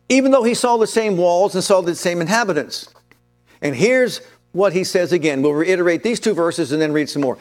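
A man preaching a sermon, reading scripture slowly and solemnly, then speeding up to press his points with urgency. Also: high voice, faint music behind. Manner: emphatic, swings between slow solemn reading and fast urgent preaching.

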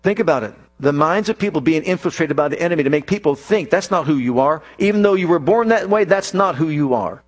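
A male preacher in full sermon, hammering home points through repetition and emphatic declarations. His voice sits slightly high for a man. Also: lively intonation, fast, few pauses.

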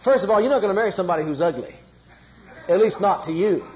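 A man preaching a sermon in an animated way, repeating phrases for emphasis and acting out everyday quarrels. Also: high-pitched, fast, muffled recording.

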